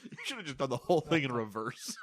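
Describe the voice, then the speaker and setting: A man's voice: medium pitch, big pitch swings, fast talker. A man co-hosting a casual gaming podcast, joking and laughing as he runs through a list of news. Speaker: podcast co-host. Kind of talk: casual chat.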